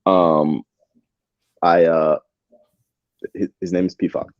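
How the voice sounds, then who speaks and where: A man's voice: low-pitched, flat delivery, slow pace, no room sound, highs cut off. A man co-hosting a live match watchalong, chatting casually with slang and frequent laughs. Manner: laid-back, laughs often, slangy. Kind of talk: casual live-stream chat.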